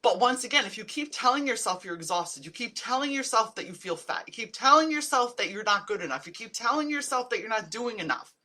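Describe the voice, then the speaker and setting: Bright-voiced woman coaching on a live stream. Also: fairly high pitch, lively intonation, a little fast, hardly any pauses. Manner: chatty, upbeat, addresses viewers as guys; acts out quoted self-talk in changed voices. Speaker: stress relief coach. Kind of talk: casual live stream talk to viewers.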